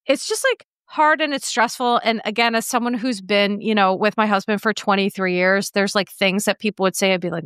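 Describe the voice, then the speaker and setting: A woman's voice: mid-range voice, a little fast, hardly any pauses, a bit bright, clean tone, no room sound, clean studio sound. A woman in her forties, a therapist hosting a podcast, chatting casually and acting out her own reactions.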